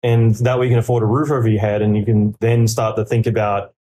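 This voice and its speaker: A man talks casually in a podcast interview, his voice dark and mellow. He rambles through his advice with plenty of fillers and slips into quoted inner dialogue as he goes. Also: lowish voice, little pitch movement, fast talker. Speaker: podcaster giving career advice.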